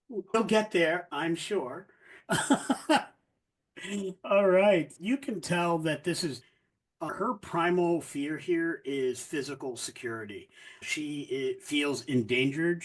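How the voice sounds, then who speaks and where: A man narrating as game master of a tabletop game, relaxed and explanatory. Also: on the high side, takes it slowly, rough recording.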